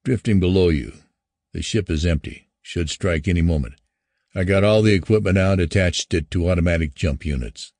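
A man's voice: sits low, normal speed, darkish tone, no echo, clean studio sound. A man reading the lines of a nervous male astronaut who reports from the ground in gasps. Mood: tense. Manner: anxious, gasping.

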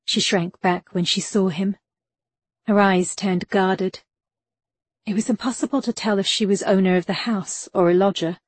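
A woman narrating a novel in an even, measured storytelling voice. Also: medium pitch, no echo. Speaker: audiobook narrator. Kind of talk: scripted audiobook narration.

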